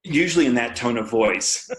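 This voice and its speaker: A man's voice: medium pitch, lively intonation, normal speed, low-quality recording. A man in his forties, a guest entrepreneur, candidly telling a personal business story in a podcast interview.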